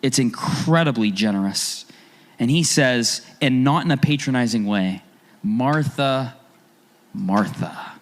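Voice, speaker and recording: A man's voice: mid-range voice, lively intonation, moderate pace. A man preaching a sermon as a pastor, talking in a conversational way and asking his listeners rhetorical questions.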